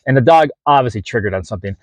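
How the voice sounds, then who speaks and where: A man's voice: medium pitch, expressive, rapid-fire, darkish tone, no room sound. Rambling man in his forties, dry sound. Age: 40s. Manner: rambling, many fillers and restarts, acts out quoted dialogue. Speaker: vlogger. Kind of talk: casual storytelling to camera.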